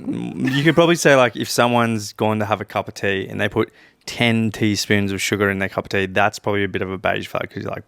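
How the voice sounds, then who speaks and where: A man's voice: fairly low pitch, a little fast, creaky, fairly bright tone, dry recording. A man co-hosting a podcast in casual chat, easygoing and laid-back. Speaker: podcast co-host.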